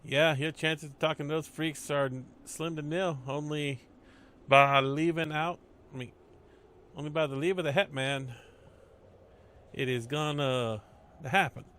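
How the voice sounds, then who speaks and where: A man's voice: on the high side, steady tone, measured pace, fairly bright tone. A man doing a wry streetwise gatekeeper. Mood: sardonic. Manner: slangy, sardonic. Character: gruff male compound gatekeeper, wry and streetwise.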